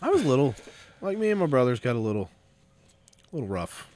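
Teasing man with a very lively pitch. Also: a little fast. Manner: chuckling, teasing interjections. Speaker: podcast co-host. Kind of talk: casual podcast banter.

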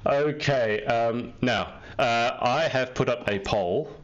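A man's voice: medium pitch, takes it slowly, dull audio. A man hosting a live online interview over a video call, chatty and teasing. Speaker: host.

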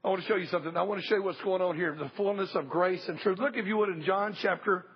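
Husky high-voiced man preaching. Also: fast talker, muffled recording. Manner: emphatic, repeats key phrases, calls for amens. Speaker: pastor. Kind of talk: sermon. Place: church service.

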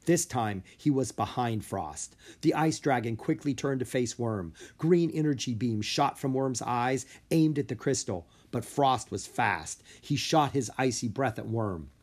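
A man narrating a children's book aloud in an expressive storytelling way. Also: medium pitch, unhurried, hardly any pauses. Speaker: audiobook reader.

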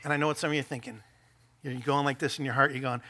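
A man preaching a sermon as pastor, animated and joking with the congregation, acting out quoted voices of people arguing. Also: medium pitch, very fast.

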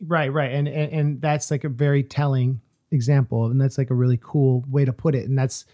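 A man's voice: mid-range voice, level tone, brisk, mellow. A man in his thirties hosting a podcast in casual chat, friendly as he wraps up the interview. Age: 30s. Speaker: podcast host.

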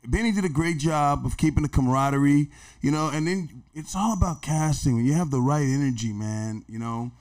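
A man's voice: a little high, a little fast, a little mellow. Middle-aged man, easygoing, casual reminiscing. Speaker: actor. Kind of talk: casual conversation.

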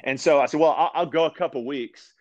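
A man from Louisiana, chatting casually as a guest and telling animated stories, often restarting his sentences and acting out quoted voices. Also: on the high side, a little fast, muffled recording. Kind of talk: casual storytelling chat.

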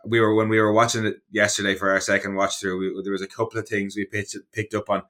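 A man's voice: on the low side, level tone, fast, a bit bright. An Irish man co-hosting a podcast in casual chat, laid-back and laughing often. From Ireland. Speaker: podcast co-host.

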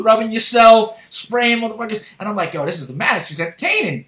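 A man hosting a podcast, telling stories in an animated, profane way. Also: sits high, fast talker, few pauses, roomy sound. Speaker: podcast host. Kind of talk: casual chat.

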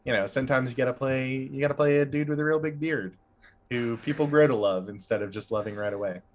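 A man co-hosting a podcast and chatting casually as a game master, halting with frequent restarts and filler words. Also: medium pitch, a little hiss or hum. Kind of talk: casual chat.

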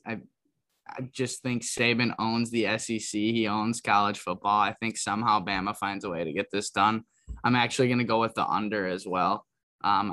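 A man's voice: on the low side, bright, forceful tone. A man hosting a sports podcast in casual chat, talking loosely with many fillers. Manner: loose, filler-heavy, says "like" a lot. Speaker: podcast host.

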